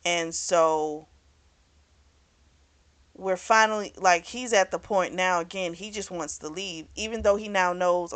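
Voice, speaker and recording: A woman's voice: fairly low pitch, unhurried, fairly bright tone. Chatty woman recapping a book. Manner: chatty, many fillers like "you know"; acts out characters' lines in a raised voice. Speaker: book reviewer. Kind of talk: casual book review, retelling the plot.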